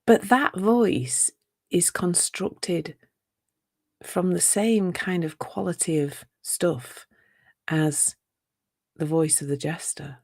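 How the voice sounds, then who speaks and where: A woman's voice: on the low side, fairly even intonation, slow, long pauses, darkish tone, no echo, studio quality. A woman teaching on a live talk, chatty and playful, with rhetorical asides to her listeners. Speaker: self-compassion teacher.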